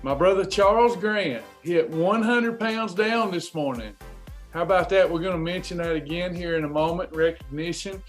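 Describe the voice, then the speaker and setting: A man's voice: high voice, normal speed, soft background music. A man coaching weight loss on a live stream, chatting casually and greeting viewers by name in an upbeat, folksy way.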